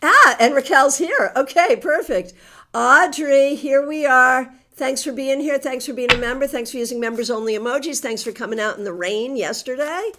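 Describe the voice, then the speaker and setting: High-voiced New England woman reading tarot. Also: normal speed. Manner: chatty, warm teasing with frequent laughter. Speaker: tarot reader. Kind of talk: live-stream chat with card readings.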